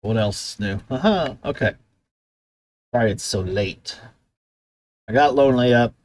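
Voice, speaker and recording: A woman's voice: rumbling low, unhurried, a little mellow. A woman streamer chatting casually to herself and her viewers at the start of a live game stream, rambling and self-talking. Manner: rambling, self-talk, coos at her pet.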